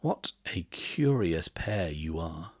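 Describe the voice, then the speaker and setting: A man voicing a mysterious, menacing stranger who talks in a slow, measured, quietly incredulous way. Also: low voice, expressive, husky, no room sound, studio quality, full character voice. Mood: quiet menace. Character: mysterious, menacing man, soft-spoken and calmly threatening.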